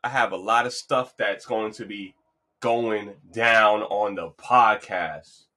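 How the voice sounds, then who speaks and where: A man's voice: on the low side, steady tone, slow pace, bright, forceful tone. A man hosting his own podcast, talking in a loose, rambling, motivational way. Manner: playful, hypes up an imagined crowd. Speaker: podcast host. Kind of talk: casual solo monologue.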